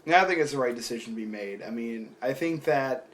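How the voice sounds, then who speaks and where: A man's voice: medium pitch, a little fast, slight background noise. A young man co-hosting a casual podcast, agreeable and easygoing, laughing along. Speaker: podcast co-host.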